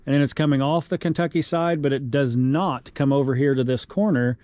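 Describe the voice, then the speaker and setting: On a cold building site beside a river, a young carpenter and vlog host keeps things easygoing, joking and explaining as he goes. His medium-pitched male voice runs a little fast, and loud work-site noise fills the background.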